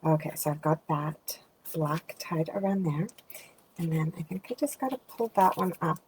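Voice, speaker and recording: A woman with a lowish voice walks through a card-making project in a relaxed, chatty way, talking to herself as she trims and ties. Now and then she sinks into a quiet murmur. A faint hiss runs under her voice. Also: moderate pace, poor audio. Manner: chatty, thinking aloud while working, drifts into soft murmurs. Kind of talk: casual craft tutorial narration.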